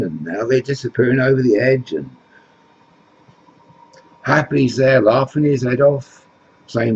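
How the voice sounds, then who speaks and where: A man's voice: mid-range voice, a little slow, pauses often, a little mellow, highs cut off, a little hiss or hum. A man telling a satirical comic story in a rambling, chatty way. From England. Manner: rambling, full of "you know" and "like".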